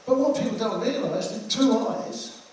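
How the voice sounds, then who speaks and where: A man's voice: extremely high pitch, animated, normal speed, a little mellow, a little hiss or hum. An older man, a veteran musician, answering audience questions after a film screening in a joking, blunt, rambling way. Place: screening hall. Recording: echoey hall from far off.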